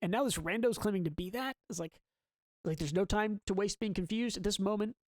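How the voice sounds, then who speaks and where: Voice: mid-range voice, fairly quick, darkish tone, no room sound, studio quality. A podcast co-host in a casual manga book-club discussion. They talk eagerly and keep reading out the characters' dialogue between their own comments.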